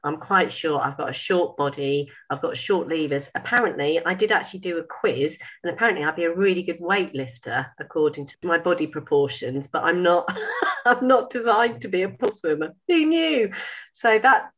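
Woman, 50s, storyteller, low voice, dull lo-fi sound. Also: normal speed. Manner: animated, laughing, acts out dialogue. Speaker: sewing school owner. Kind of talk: casual storytelling.

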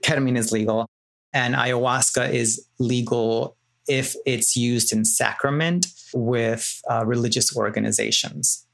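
A man in a casual podcast talk who explains matters plainly. His voice has a gravelly, fry-edged texture. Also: mid-range voice, fairly even intonation, a little slow, a bit bright. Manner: explanatory, self-correcting. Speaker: clinical trial participant.

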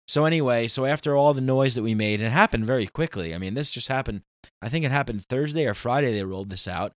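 A man's voice: medium pitch, fast talker, dry recording. Podcast man ranting in a dry room. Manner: ranting, animated, emphatic. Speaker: podcast host. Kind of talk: casual monologue.

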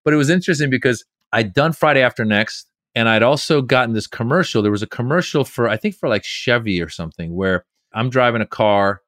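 A middle-aged man, a comedian, telling lively stories in an interview and slipping into quoted voices. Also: mid-range voice, a little fast, few pauses, no room sound, clean studio sound. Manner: animated storyteller doing quoted voices. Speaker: comedian guest. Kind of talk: storytelling interview.

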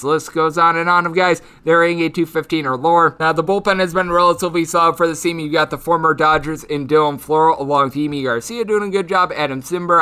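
A man hosting a sports betting podcast, running through team stats, player numbers and betting lines in rapid lists. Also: fairly high pitch, pushed and bright, smooth. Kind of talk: solo sports betting analysis. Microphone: headphones and studio mic.

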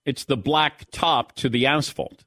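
A man's voice: medium pitch, steady tone, a little slow, fairly bright tone. A middle-aged man hosting a sports radio show, asking playful, teasing questions in casual chat.

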